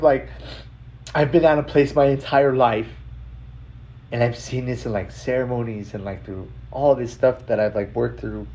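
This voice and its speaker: A man telling a personal story in a casual, rambling way, full of filler words and swearing, emotional and excited. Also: mid-range voice, moderate pace. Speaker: vlogger.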